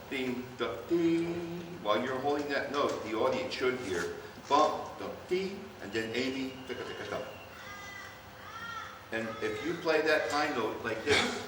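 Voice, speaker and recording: A man conducting a wind band rehearsal, giving brisk instructions and singing phrases aloud. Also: medium pitch. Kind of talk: rehearsal coaching. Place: rehearsal hall. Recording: echoey hall, distant mic, band playing.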